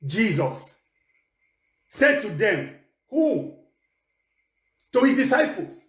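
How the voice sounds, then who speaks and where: A man's voice: high-pitched, sing-song, slow pace, pauses often, a bit bright, reverberant. A man preaching a sermon with emphasis, repeating key phrases to drive them home.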